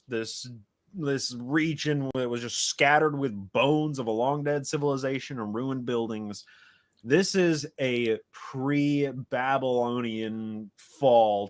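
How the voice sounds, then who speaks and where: A man with a middle-pitched voice explains old scripture to fellow panelists in a loose, conversational way. He often restarts his sentences as he goes. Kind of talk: casual panel discussion.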